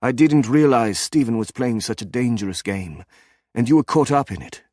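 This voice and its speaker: A man doing a soft German doctor. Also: medium pitch, lively intonation, moderate pace, no echo, clean studio sound, close to an everyday voice. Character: soft-spoken German male academic doctor.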